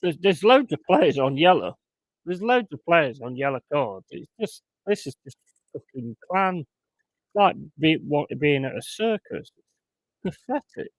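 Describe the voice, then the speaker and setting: Brief: man, fan watchalong host, slightly high voice, dry close sound, swearing rants. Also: very animated, unhurried, no room sound. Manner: swearing, exasperated ranting outbursts. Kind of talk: live match commentary and chat.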